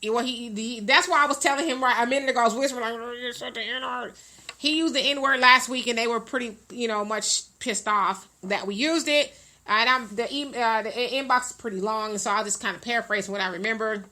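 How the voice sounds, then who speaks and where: A woman co-hosting a loose talk show, reading viewer comments aloud. Her voice is fairly high and bright with real force behind it, and her delivery is blunt and teasing. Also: fairly quick. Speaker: co-host.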